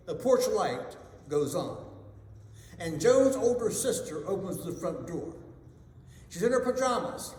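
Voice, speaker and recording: A male pastor giving a devotional, telling a story slowly and letting his voice sink soft and low at the ends of lines. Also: lively intonation. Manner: slow storytelling delivery, drops soft and low at line ends. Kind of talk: devotional sermon with a told joke. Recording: echoey hall reverb.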